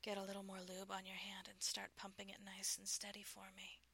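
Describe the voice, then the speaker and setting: A woman voicing a man on the phone, a calm and commanding lover, speaking low, steady and coaxing. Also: a little fast, vocal fry, a little hiss or hum.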